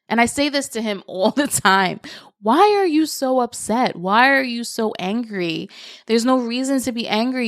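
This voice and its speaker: A young woman talks alone into a podcast mic, working through her thoughts in a relaxed, reflective way and leaning on casual fillers. Her voice sits at an ordinary middle pitch. The sound is dry and close, with no room echo. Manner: reflective, conversational, many "you know" fillers. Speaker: podcast host. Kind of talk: solo podcast monologue.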